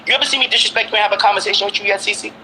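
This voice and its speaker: A fast, high-pitched man from Brooklyn, New York, in his forties, talking heatedly and pressing his listener with repeated questions. His voice is very bright and sharp, with a faint hiss of background noise. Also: fairly even intonation, poor audio. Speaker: guest. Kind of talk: heated casual conversation.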